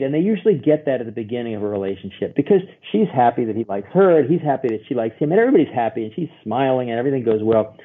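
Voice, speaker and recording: A man, a guest therapist, explaining in an animated storytelling way and acting out the voices he quotes. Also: medium pitch, breathy edge. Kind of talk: expressive explaining. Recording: tinny phone-like line.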